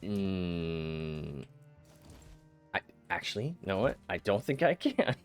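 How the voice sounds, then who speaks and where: A man's voice: low voice, very animated, takes it slowly, faint music behind. A man streaming a game, chatting casually with his chat, playful and teasing, often laughing and stammering. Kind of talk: casual live-stream chat while gaming.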